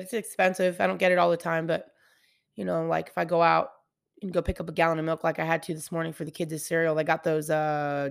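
A woman's voice: mid-range voice, creaky, a bit bright, no room sound, clean studio sound. A woman in her thirties hosting a podcast, talking candidly and rambling to her listeners about faith and daily life. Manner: candid, rambling, addresses listeners as you guys. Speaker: podcast host. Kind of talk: casual devotional podcast chat.

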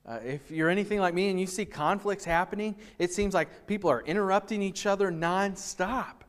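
A male pastor who preaches a sermon in an earnest, emphatic way and uses rhetorical questions. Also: on the high side.

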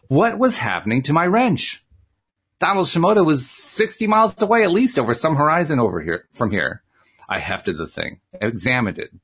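A man reading a novel aloud in a relaxed, conversational way. His voice is low and a little husky, with a lively, rising and falling pitch. He drops chatty, joking asides between passages of narration. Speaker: audiobook reader. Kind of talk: casual audiobook reading with spoken asides.

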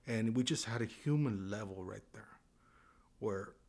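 A man in his fifties from Southern California tells his story as a podcast guest. His voice sits on the low side, and he slips in and out of the people in his story with lively acted lines. He keeps it loose and conversational. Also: a little slow. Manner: animated, acts out dialogue in changing voices. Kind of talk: casual storytelling.

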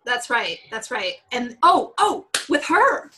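A podcast co-host with a voice on the high side tells a story slowly during a casual chat, acting out the people in it with big, animated swings of voice. Slight background noise can be heard.

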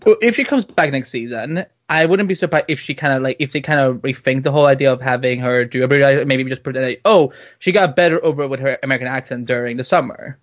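A man co-hosting a casual podcast, talking in an animated, rambling way with lots of fillers. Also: mid-range voice, fast, hardly any pauses, highs cut off. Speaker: podcast co-host.

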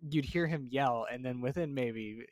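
A man's voice: mid-range voice, normal speed, no echo, clean studio sound. A man casually chatting about a video game, laid-back and agreeable, mostly giving short replies. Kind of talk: casual gaming chat.

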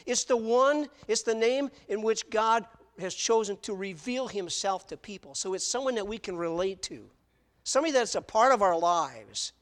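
A man's voice: high voice, lively intonation, normal speed, fairly bright tone. A male pastor preaching a sermon, emphatic, who repeats key words in lists and asks the congregation questions.

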